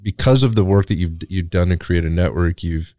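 Deep-voiced relaxed male host. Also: no echo. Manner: relaxed, affirming interviewer, quick asides. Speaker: podcast host. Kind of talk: casual interview.

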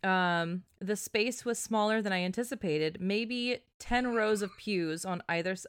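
A woman's voice: mid-range voice, unhurried, clear, resonant tone. A woman co-hosting a podcast, reading a listener's story aloud and breaking into laughter as she goes. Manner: laughs often, breaks up mid-sentence while reading. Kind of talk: casual chat and story reading.

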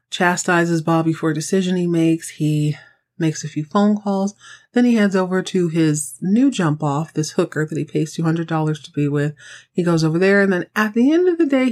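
A woman's voice: fairly low pitch, a little mellow. A woman hosting a podcast, recapping a TV episode in sassy, slangy, conversational chat. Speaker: podcast host recapping a TV show.

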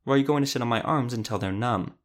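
A man's voice: mid-range voice, fast, close to an everyday voice. A man narrator voicing a proud male doctor and monster hunter with a dry, understated manner. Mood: teasing.

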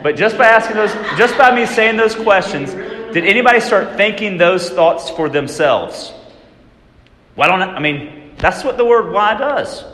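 A man giving a training talk to real estate agents in a large room, lively, often acting out worried inner voices. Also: high-pitched, reverberant, in a large hall.

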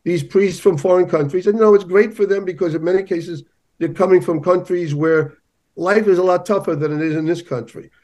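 A man speaking as an interview guest, with a voice set a little higher than most men's. He argues his points with emphasis and slips into anecdotes. His talk is conversational and direct. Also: fairly even intonation, brisk, a little mellow. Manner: emphatic, storytelling. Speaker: journalist guest.

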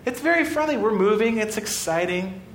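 A man preaches with a fairly high, lively voice that jumps from excited storytelling to quiet, earnest moments. The sermon is recorded in an echoey church room with a faint low rumble underneath. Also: moderate pace. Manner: animated storytelling, swings between excited and quiet. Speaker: pastor.

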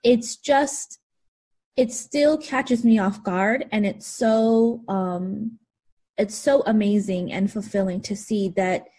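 A mother talking casually in an interview, halting and filling pauses as she speaks. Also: medium pitch, mellow. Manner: halting, many fillers. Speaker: parent.

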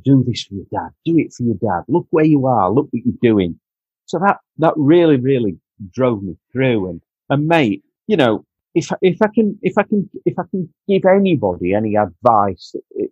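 Speaking earnestly as a podcast guest, a Doncaster man with a Yorkshire English accent shares a candid personal story, repeating himself and addressing the host as "mate." His mid-range voice is a little mellow and slightly rough, captured in a dry, muffled recording.

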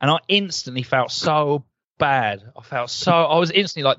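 A man co-hosting a casual podcast, ranting and swearing in an animated, jokey way. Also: on the high side, moderate pace, dry recording, lo-fi sound. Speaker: podcast co-host. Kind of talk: casual chat.

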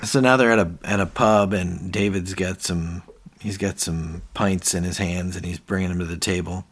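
A man's voice: sits low, fairly even intonation, moderate pace. A man co-hosting a podcast, retelling scenes in casual chat and acting out the characters' lines between laughs. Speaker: podcast co-host.

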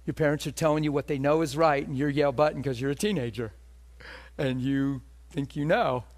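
A man preaching a sermon, telling a personal story with animated delivery that swings between loud and hushed. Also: a little high, a little fast.

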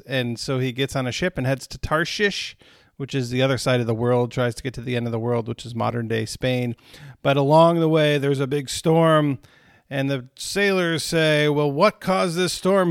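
A man's voice: mid-range voice, clean tone, dry recording, studio quality. A man leading a recorded Bible study, teaching in an earnest, conversational way with frequent asides to his listeners.

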